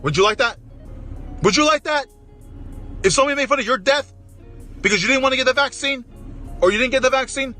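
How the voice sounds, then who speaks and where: Heated man, profane rant, bright tense voice. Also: fairly high pitch. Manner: heated, repetitive, profane, rising to shouting. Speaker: collab rant contributor. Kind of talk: angry rant.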